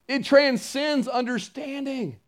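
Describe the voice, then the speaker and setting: A man's voice: very high voice, slow. A male pastor preaching a sermon, earnest and emphatic, repeating key phrases and turning to the congregation with casual asides.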